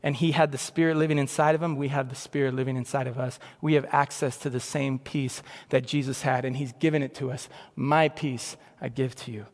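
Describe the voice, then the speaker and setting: A man preaching a sermon in a conversational way, dropping to hushed tones and then rising to loud, emphatic passages. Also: medium pitch, flat delivery, quick pace, hardly any pauses, big-room sound. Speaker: pastor.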